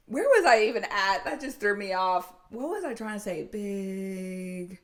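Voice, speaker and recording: A woman's voice: mid-range voice, expressive, measured pace, hardly any pauses. A young adult woman hosting her own health podcast, talking candidly and chattily with frequent laughs and self-deprecating asides. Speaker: health and weight loss coach, podcast host. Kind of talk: casual solo podcast monologue.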